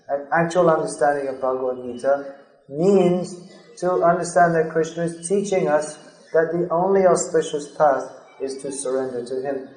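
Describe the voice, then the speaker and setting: Spiritual teacher, male, slightly high voice, measured emphatic lecture delivery, roomy hall sound. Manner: measured, drawn-out emphasis with Sanskrit recitation. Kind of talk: lecture on scripture. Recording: echoey hall recording.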